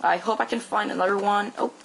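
A man from Quebec with a Quebec French accent, a native French speaker, giving casual gameplay commentary and bursting into high yelps and swearing. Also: fairly even intonation, fast talker, gravelly, background noise. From Quebec, Canada.

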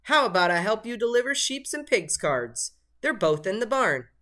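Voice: mid-range voice, very animated, normal speed, sharp tone, pitched above the performer's own voice. A storybook reader voicing a kind, encouraging female farm cow. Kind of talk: storybook read-aloud.

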